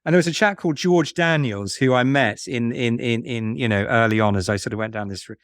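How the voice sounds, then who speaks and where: A man being interviewed about investing, speaking in a musing, halting way with many restarts. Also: medium pitch, no echo, studio quality. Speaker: fund manager guest. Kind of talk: conversational podcast interview.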